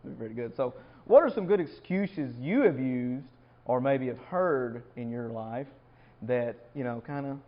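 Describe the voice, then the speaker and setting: A man's voice: mid-range voice, animated, measured pace. A man giving an informal Bible lesson as a lay preacher, talking conversationally and asking the room questions. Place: church or coffeehouse meeting room. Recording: dull lo-fi live recording.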